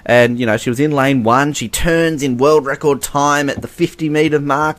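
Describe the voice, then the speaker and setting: A man's voice: a little high, steady tone, moderate pace, hardly any pauses. A man with an Australian accent co-hosting a casual sports podcast, telling stories sarcastically with frequent laughs. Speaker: podcast co-host.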